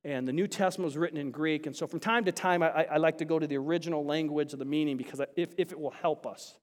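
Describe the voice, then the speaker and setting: A man preaching a sermon to a congregation, chatty with restarts and then rising to animated, emphatic bursts. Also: on the high side, fast talker. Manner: chatty asides, frequent restarts. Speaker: pastor. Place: large church sanctuary. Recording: long hall reverb.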